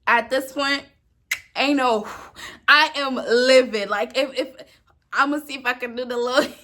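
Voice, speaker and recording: A young woman in her twenties casually telling an animated story to her phone camera, with emphatic slang and repeated words. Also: high-pitched, moderate pace. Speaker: storyteller vlogger.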